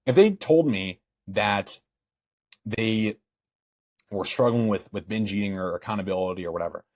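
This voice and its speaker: A man's voice: fairly low pitch, moderate pace, no room sound, clean studio sound. A young man teaching a fitness coaching sales course, blunt and emphatic with frequent swearing. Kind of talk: course lecture.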